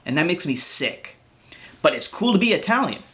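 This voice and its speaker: Angry sweary guy ranting on his vlog, kinda high voice, keeps restarting sentences. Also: sing-song, normal speed, sharp tone. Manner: indignant, profane, frequent restarts. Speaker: commentary vlogger.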